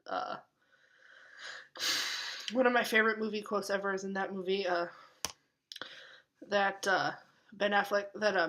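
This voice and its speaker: A young woman talks casually to the camera in a personal vlog. Her voice is bright and clear at an ordinary middle pitch, and she laughs often and slips into quiet, half-whispered asides. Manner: chatty, laughs often, drops to soft asides. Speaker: vlogger.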